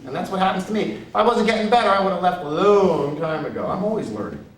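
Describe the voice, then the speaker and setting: A man's voice: expressive, quick pace. Brash male stand-up comic on a roomy stage. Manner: brash storytelling, swings from loud punchlines to low asides. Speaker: stand-up comedian. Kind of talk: one-man stand-up show. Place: stage in a theater. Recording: roomy, distant live stage recording with noise.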